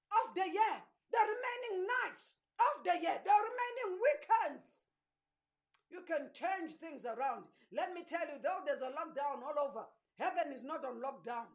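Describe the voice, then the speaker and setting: Woman preacher, fervent sermon, hoarse-edged voice, very high pitch, lively swings in tone. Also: normal speed. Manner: impassioned, repetitive exhortation with rising shouts. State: voice going hoarse.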